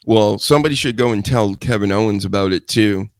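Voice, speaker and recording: Deep-ish joking male show host. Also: fairly quick, no echo. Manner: joking, rambling, crude asides. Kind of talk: solo radio-style chat show. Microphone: studio mic.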